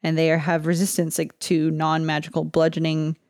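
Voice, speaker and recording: A woman's voice: low-pitched, monotone, brisk, a little mellow, dry recording, clean studio sound. A woman playing a tabletop game, cheerful and casual, laughing often. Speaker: player.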